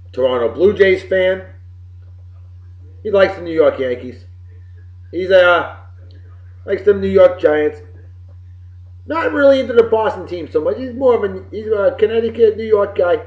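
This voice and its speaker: Boisterous man hosting in a roomy space. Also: high-pitched. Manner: boisterous, folksy, swearing, wisecracking. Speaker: show host. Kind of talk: casual birthday shout-outs on a web show. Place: home room with computer behind him. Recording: roomy, dull lo-fi webcam audio.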